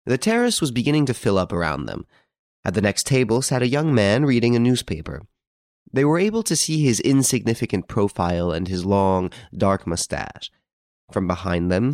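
A man narrating a classic novel as a scripted audiobook, in a measured, even storytelling manner. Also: on the low side, no room sound, studio quality.

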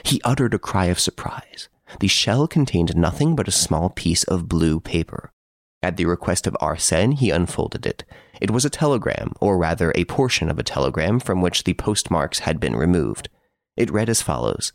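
A man narrating a classic story as an audiobook reader, measured and storytelling. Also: low voice, sing-song, vocal fry, no room sound, studio quality. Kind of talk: scripted narration.

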